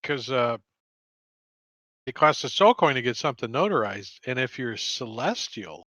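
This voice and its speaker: A man running a tabletop game as dungeon master, narrating in a relaxed, rambling way. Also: medium pitch, moderate pace, no echo.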